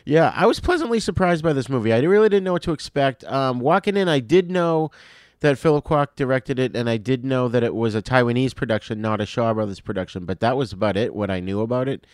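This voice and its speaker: A man's voice: mid-range voice, fast, no echo, clean studio sound. A man co-hosting a film podcast, reading a plot summary steadily and then chatting casually with easy laughs. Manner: reads synopsis steadily, then chats and laughs easily. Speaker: podcast co-host.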